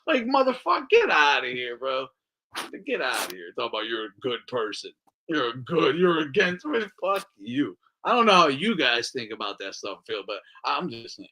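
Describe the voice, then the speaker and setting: Animated, bright-voiced man ranting. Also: mid-range voice, moderate pace. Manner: animated, swears a lot, acts out quoted voices. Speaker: podcast co-host. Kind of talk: casual podcast chat.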